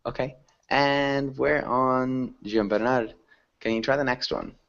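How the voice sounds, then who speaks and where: A man's voice: medium pitch, steady tone, gravelly, a bit bright, dull audio. A man teaching an English class online, patiently asking students questions and explaining words. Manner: patient, slow, asks questions.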